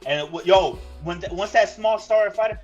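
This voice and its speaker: A young adult man on a podcast, telling a story in a rambling, profane way, with fillers and restarts and sudden yelled quotes. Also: high-pitched, normal speed, lo-fi sound, soft background music. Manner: acts out quotes with sudden loud yells. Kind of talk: casual podcast chat, storytelling.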